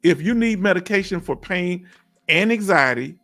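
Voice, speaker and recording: A middle-aged man from Houston, hosting a casual livestream and warmly encouraging viewers as he reads their comments. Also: high voice, expressive, moderate pace, creaky. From Houston, Texas. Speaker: livestream host. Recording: faint music behind.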